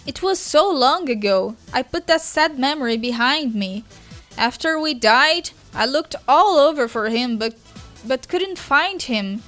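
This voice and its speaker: A woman's voice: high voice, expressive, a little slow, a bit bright, soft background music. A woman with a Brazilian Portuguese first language voicing a weepy teenage girl sprite who breaks into sobbing boo-hoo cries.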